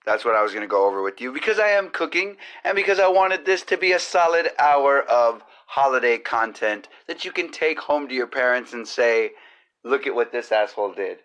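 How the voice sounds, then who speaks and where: A man's voice: medium pitch, lively intonation, a little fast, hardly any pauses, fairly bright tone. A man hosting a comedy podcast from his home kitchen, rambling through profane jokes. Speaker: podcast host. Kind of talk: crude comedic monologue. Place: home kitchen with cooking going on.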